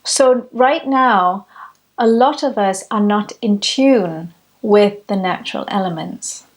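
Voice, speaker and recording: A woman giving a reflective spiritual teaching talk, with measured, deliberate phrasing. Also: medium pitch. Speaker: spiritual speaker.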